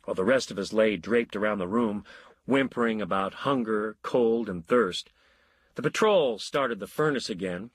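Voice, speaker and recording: A man narrating a story in an expressive audiobook style, voicing all the characters. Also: lowish voice, normal speed, breathy edge, dry recording.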